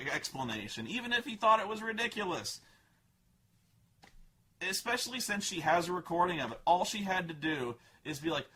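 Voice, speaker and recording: A man with a high, sharp voice ranting through a film review. He is exasperated and profane, and he picks the plot apart.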